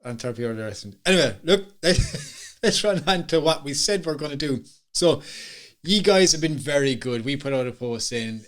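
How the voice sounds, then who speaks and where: A man's voice: medium pitch, fairly bright tone. A man with an Irish accent co-hosting a podcast, chatting casually and teasing himself and his friend. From Ireland. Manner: joking, self-mocking, chatty. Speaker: podcast co-host. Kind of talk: casual chat.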